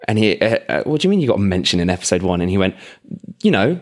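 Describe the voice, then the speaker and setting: Man, London accent, podcast co-host, casual chat, halting with fillers, laughs a lot. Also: low-pitched, expressive. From England. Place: home room.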